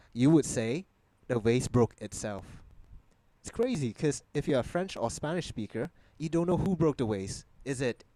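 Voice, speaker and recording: Young Malaysian man, Mandarin native, mid-pitched, dry close sound, lecturing host on a video call. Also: a little mellow, dry recording, low-quality recording. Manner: lecturing, asks the audience rhetorical questions. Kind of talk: casual explanatory talk on a video call.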